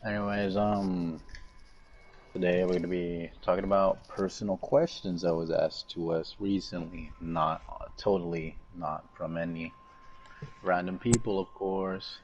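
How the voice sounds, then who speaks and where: A man's voice: sits low, a little slow, highs cut off, a little hiss or hum. A teenage boy hosting a casual podcast over a voice call, laid-back and hesitant with lots of ums. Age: teens. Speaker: podcast host.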